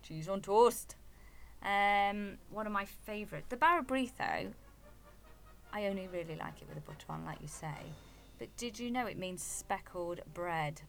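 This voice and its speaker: A woman co-hosting a casual podcast from her home in Wales chats and teases her way through food and customs. Her mid-range voice is creaky and expressive, moving at a normal speed.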